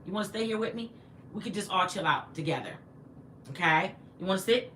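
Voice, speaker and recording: A woman with a mid-range voice, speaking a little fast, hosts a casual livestream inside her house. Reading comments aloud and chatting away, she stays animated and talks back to her viewers and her pet, with a slight hiss or hum in the background.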